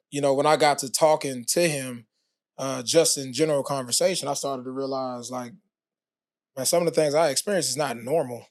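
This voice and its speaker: A man talking as a podcast guest, telling his story in a relaxed way with many fillers. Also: medium pitch, no echo, studio quality. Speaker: podcast guest, former pro football player. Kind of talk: casual interview talk.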